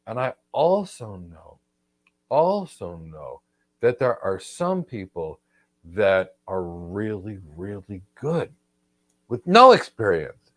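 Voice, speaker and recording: A man hosts a live question-and-answer session, hammering home his points with blunt, repetitive emphasis. His pitch swings widely as he presses each point, and the recording is dry and close, with almost no room sound. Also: sing-song, takes it slowly, fairly bright tone, no echo. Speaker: host, career trainer.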